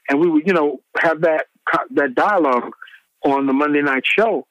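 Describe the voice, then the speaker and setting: Lively storytelling man, dry close sound. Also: brisk, dry recording, muffled recording. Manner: acts out quoted people with big pitch swings. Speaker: guest, former radio DJ. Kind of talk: animated storytelling in an interview.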